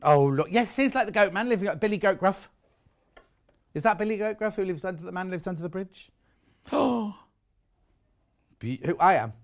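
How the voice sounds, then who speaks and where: A British man hosting a live shopping channel segment, gushing over each item in a chatty stream. His voice sits fairly high and swings up and down a lot as he exclaims. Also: expressive, brisk, pauses often. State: out of breath. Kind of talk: live sales presentation. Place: TV studio.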